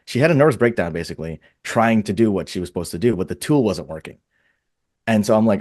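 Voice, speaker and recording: A man with a deep voice and darkish tone talks fast during a casual webinar panel, coming through a video call. He's rambling and enthusiastic, repeating words while working through his thoughts. The audio is studio quality with no room sound.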